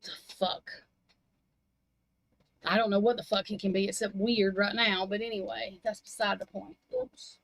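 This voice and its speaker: A woman's voice: mid-range voice, fairly even intonation, brisk, creaky, hardly any pauses, dry recording, low-quality recording. A woman chatting casually on a livestream in a rambling, blunt, heavily profane way. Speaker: livestream chat participant. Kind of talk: casual chat.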